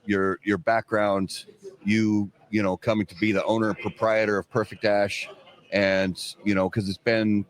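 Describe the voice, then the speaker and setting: A man with a low voice hosts a podcast, and he asks his guest questions in a loose, halting way. He sits a little back from the mic. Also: flat delivery. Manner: hesitant, full of "you know" fillers. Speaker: podcast host. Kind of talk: casual interview.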